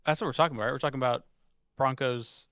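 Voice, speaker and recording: A man's voice: mid-range voice, fairly even intonation, racing, fairly bright tone, smooth, no echo. Blunt sweary guy on a sports pod, mid voice, dry sound. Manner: blunt, swearing, laughing often. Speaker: podcast co-host. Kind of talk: casual sports chat.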